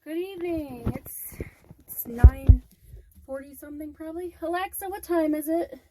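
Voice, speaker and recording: A woman's voice: extremely high pitch, fairly quick, heavy background noise. A woman vlogging at home, chatting casually and rambling aloud to herself as she goes about her day. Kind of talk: casual chat. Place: at home indoors.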